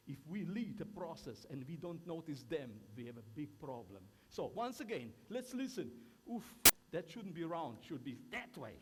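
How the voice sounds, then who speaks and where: A man with a high, animated voice gives an emphatic, playful conference talk in broken English. His voice carries a long reverb from a large hall. Violin music sounds clearly between his phrases. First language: Slovenian.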